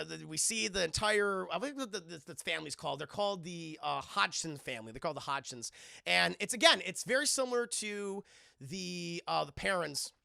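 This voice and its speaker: A man with a high, crackling, gravelly voice talks straight into a close, dry mic. He rambles through a film recap for his live chat, swearing freely and staying animated. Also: no echo. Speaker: livestream film reviewer. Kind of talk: casual chat with a live audience.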